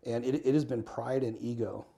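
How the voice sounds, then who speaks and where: A middle-aged man, a guest in an interview, telling stories in a lively, animated way and acting out dialogue. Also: medium pitch, a little fast, vocal fry. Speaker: guest, former firefighter and business owner. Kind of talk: casual interview storytelling. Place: Arizona.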